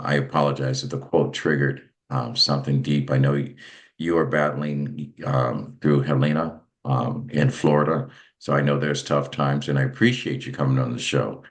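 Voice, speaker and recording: A man with an extremely deep voice hosts a conversation podcast. He talks in a halting, searching way, restarting phrases and filling gaps with "um". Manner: halting, many restarts and fillers. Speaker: podcast host. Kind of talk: casual talk show hosting.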